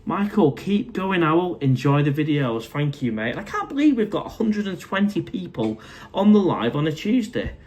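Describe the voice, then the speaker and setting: A man's voice: on the high side, very animated, moderate pace, a little mellow. A middle-aged man with a Mancunian accent chats casually on a live stream from his condo. He reads out and answers viewers' comments in a friendly, matey way, calling people mate as he goes. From Manchester, England. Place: condo indoors.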